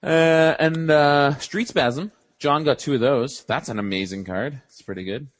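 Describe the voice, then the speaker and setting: A man's voice: a little high, a little slow, no echo. A young man co-hosting a podcast, telling rambling stories in casual, profane chat. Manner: rambling, animated storytelling with profanity. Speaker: podcast co-host.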